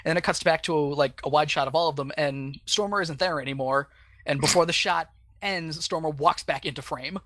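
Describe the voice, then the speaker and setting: A man's voice: on the high side, fairly quick, fairly bright tone, no echo, clean studio sound. Laid-back rambling male podcast co-host. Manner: rambling, laid-back, laughs often, frequent fillers. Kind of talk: casual podcast chat recapping a cartoon.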